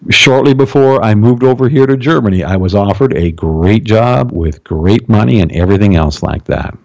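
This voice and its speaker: Male pastor guest with a low, mellow voice. Animated preaching and reading commentary, dry lo-fi recording. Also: moderate pace, gravelly, dry recording. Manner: animated, keeps asking "right?" and "okay?"; jumps high in pitch for emphasis. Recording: dull lo-fi sound.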